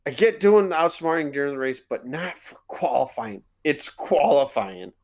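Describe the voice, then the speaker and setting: A man's voice: on the high side, expressive, normal speed, a little mellow. A young man, a new dad, co-hosting a casual podcast, ranting in an exasperated way and at times keeping his voice down. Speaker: podcast co-host.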